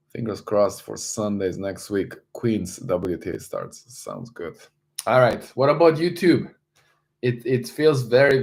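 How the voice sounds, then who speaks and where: A man hosting a casual live stream, greeting viewers, reading the chat aloud and talking loosely with frequent restarts. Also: medium pitch.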